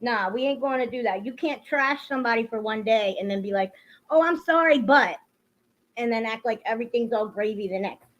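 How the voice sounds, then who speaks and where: A woman streamer talks in a casual, blunt way, swearing freely as she chats with her viewers. Her voice sits a bit high. The sound is dull and lo-fi, like cheap stream audio. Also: steady tone, fast. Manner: blunt, profane, greets chat viewers by name. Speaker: livestream host. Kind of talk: casual livestream chat.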